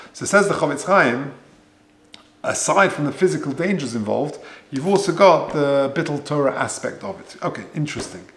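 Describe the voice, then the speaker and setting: Gravelly rabbi teaching Torah. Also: male voice, on the high side. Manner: conversational, mixes Hebrew and Yiddish terms, rhetorical questions. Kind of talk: Torah lecture. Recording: echoey room.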